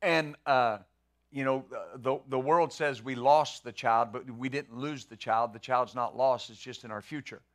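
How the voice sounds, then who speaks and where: A man's voice: mid-range voice, unhurried, a bit bright. A middle-aged man pastor preaching a sermon in a conversational way, full of rhetorical questions and repeated words.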